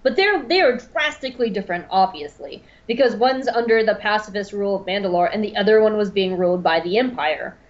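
A woman co-hosting a podcast, giving an animated comedic episode recap and laughing at her own slips. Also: medium pitch, a little fast, hardly any pauses. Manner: animated, laughing, self-correcting. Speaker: podcast co-host. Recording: dull lo-fi sound with faint music.

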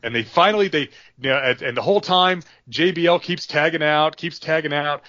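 A man's voice: fairly high pitch, a little fast, bright, forceful tone, no room sound, lo-fi sound. A man hosting a podcast, spinning a story in rambling, filler-heavy casual chat. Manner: rambling, with many fillers and restarts. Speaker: podcast host.

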